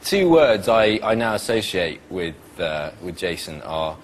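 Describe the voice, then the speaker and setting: A man's voice: low-pitched, big pitch swings, a little slow, slight background noise. Playful young Englishman telling stories. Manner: playful, mimics people in his anecdotes. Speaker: actor sharing behind-the-scenes stories. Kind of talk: casual storytelling.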